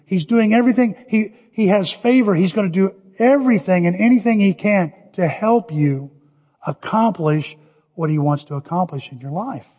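Older male pastor, high husky voice. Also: normal speed. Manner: animated storytelling, shouting cheers in quotes. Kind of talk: sermon. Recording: dull lo-fi audio with long hall reverb.

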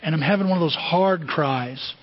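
Animated pastor preaching in a reverberant hall. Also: male voice, a little high, moderate pace. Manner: animated, conversational, asks the congregation questions. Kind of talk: sermon. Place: church sanctuary. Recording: dull, muffled sermon recording with long hall reverb.

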